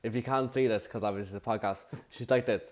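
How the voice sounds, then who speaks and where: A man's voice: on the low side, steady tone, fast. A man co-hosting a podcast, a former contestant who chats enthusiastically and gossips about the players. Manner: enthusiastic, gossipy, drops his voice to mimic people. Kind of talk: casual recap chat.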